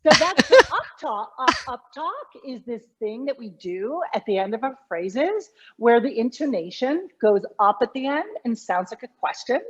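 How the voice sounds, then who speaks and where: A woman communication coach explaining speech habits in an interview, emphatic and lively. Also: on the high side, moderate pace, hardly any pauses, breathy edge, poor audio. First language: English. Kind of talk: conversational interview.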